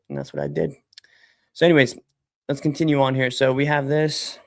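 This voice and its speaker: Gravelly-voiced man rambling on a livestream. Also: medium pitch, a little fast. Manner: rambling, heavy on fillers and casual swearing. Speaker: software company founder and livestream host. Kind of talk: casual livestream chat while working. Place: at a computer desk, typing during a livestream.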